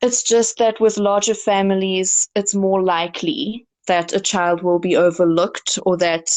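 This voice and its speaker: A woman's voice: medium pitch, little pitch movement, a little slow, darkish tone. A woman co-hosting a podcast in casual chat, explaining at length in an earnest way with many fillers. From South Africa. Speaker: podcast co-host.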